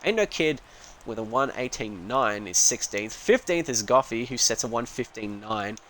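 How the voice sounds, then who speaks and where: A man's voice: medium pitch, lively intonation, moderate pace, a bit bright, slight background noise, rough recording. A man giving casual, rambling live commentary on a sim racing stream, full of joking asides.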